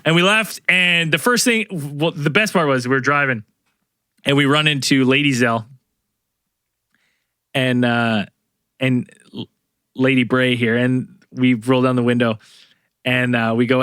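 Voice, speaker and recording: A man's voice: mid-range voice, steady tone, unhurried, pauses often, pushed and bright, clean tone, no echo, studio quality. A middle-aged man, a podcast host, telling a rambling story to co-hosts with many fillers and restarts. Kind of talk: casual storytelling among co-hosts.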